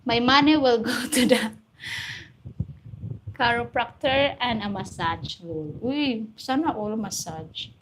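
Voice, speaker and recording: Woman with filipino accent, live stream host, blunt, preachy, fairly high pitch. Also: slow, a little hiss or hum. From Philippines. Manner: blunt, preachy, straight-talking. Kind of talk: live stream chat, answering viewer comments.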